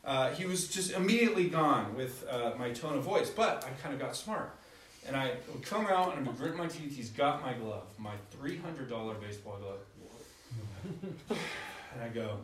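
A man's voice: a little high, lively intonation, fairly quick, recorded from a distance, slight background noise. A young adult man preaching a conversational sermon, telling stories with self-deprecating humor. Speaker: pastor. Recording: echoey hall, voice from afar.

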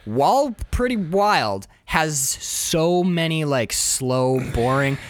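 A man co-hosting a podcast, chatting casually about movies, animated and laughing often. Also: a little high, slow, no echo. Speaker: podcast co-host.

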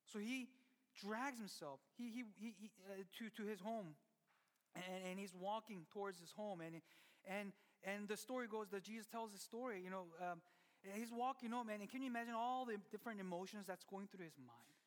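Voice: medium pitch, moderate pace. A pastor preaching a sermon in a conversational way, often restarting sentences and turning to the listeners with asides. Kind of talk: sermon storytelling. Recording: long reverb of a large hall.

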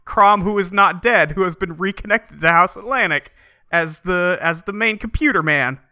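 A man co-hosting a podcast in casual comedic chat, recapping with wry deadpan jokes. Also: high-pitched, normal speed, no room sound, clean studio sound. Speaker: podcast co-host.

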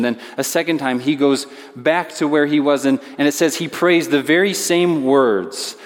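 A man's voice: mid-range voice, normal speed, few pauses. Man preaching in a reverberant hall. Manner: conversational preaching with asides. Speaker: pastor. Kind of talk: sermon.

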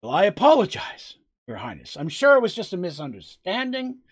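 A game master playing a wary village man who anxiously flatters a visiting prince in a tabletop game. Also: medium pitch, brisk. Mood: appeasing. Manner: anxious, appeasing, over-polite.

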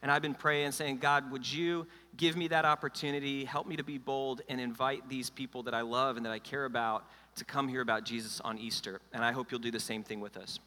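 A middle-aged man, lead pastor, preaching a sermon with energetic humor and quiet, personal stretches. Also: mid-range voice, fairly quick, hardly any pauses. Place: church hall. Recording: long hall reverb.

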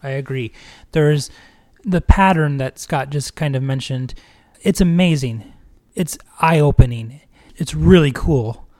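A man's voice: on the high side, a little slow, a little mellow. A man co-hosting a podcast, talking in an earnest, reflective way in casual chat. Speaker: podcast co-host.

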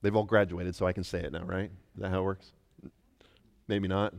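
Middle-aged American pastor preaching, big hall reverb. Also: male voice, low voice, little pitch movement, fairly quick, creaky. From United States. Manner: emphatic preaching, swings from soft to loud. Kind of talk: sermon. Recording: long reverb of a large hall.

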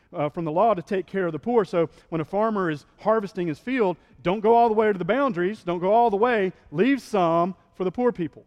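A male pastor preaching a sermon in a relaxed, conversational way, often checking in with the congregation and acting out the quotes he reads. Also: a little high, long reverb tail. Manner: conversational preaching, frequent "right?", acts out quotes.

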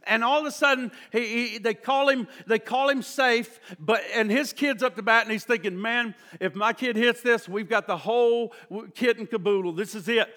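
High, bright-voiced preacher man. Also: normal speed, hardly any pauses. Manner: impassioned, swings from hushed to shouting; storytelling with restarts and quoted voices. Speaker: pastor. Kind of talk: sermon.

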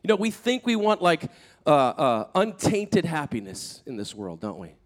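A man preaching a sermon as pastor, animated and conversational, acting out quoted speakers, swinging between loud emphatic peaks and soft, hushed asides. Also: on the high side, normal speed. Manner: conversational, with fillers and restarts.

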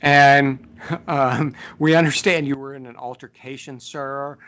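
A man's voice: mid-range voice, steady tone, measured pace, a bit bright, clear, resonant tone, natural voice. A man putting on a formal police detective. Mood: official. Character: stern fake male police detective on a phone call.

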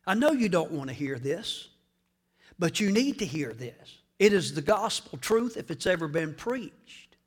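A man preaching a sermon to a church congregation, swinging between hushed whispers and loud, dramatic shouting. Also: on the high side, big pitch swings, measured pace, slightly rough. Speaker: pastor.

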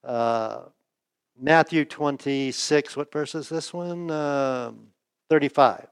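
A man's voice: unhurried, long pauses. A pastor giving a conversational sermon at a church service, often asking "right?" and acting out the quotes he reads. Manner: chatty, asks "right?" often, acts out quotes with raised pitch.

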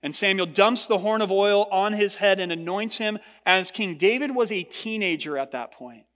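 Preaching earnestly to his congregation, a pastor raises his pitch whenever he quotes what others said. His voice is fairly bright at a moderate pace, and the large church hall lends it a long reverb.

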